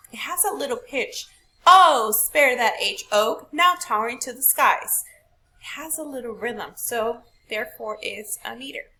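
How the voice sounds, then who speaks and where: Bright-voiced woman teaching a lesson. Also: a little high, creaky. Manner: patient, explaining step by step with rhetorical questions. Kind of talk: recorded classroom lesson.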